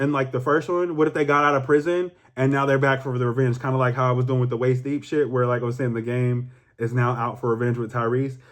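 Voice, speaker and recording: Profane, rambling young man vlogging. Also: mid-range voice. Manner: animated, rambling, profane, heavy filler. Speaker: YouTuber. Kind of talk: casual vlog monologue.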